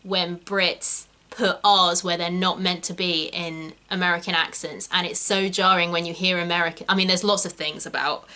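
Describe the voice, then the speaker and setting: Bright-voiced chatty British woman. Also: lowish voice, steady tone, moderate pace, hardly any pauses. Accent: British English, non-rhotic. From Britain. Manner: chatty, goes off on tangents, corrects herself. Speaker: actor teaching accents. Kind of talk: casual video lesson.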